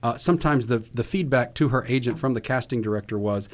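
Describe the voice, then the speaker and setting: Male podcast co-host, mid-range voice, animated storyteller who acts out the dialogue. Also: medium pitch, fast talker. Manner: animated anecdote telling, acting out quotes. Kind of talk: casual chat.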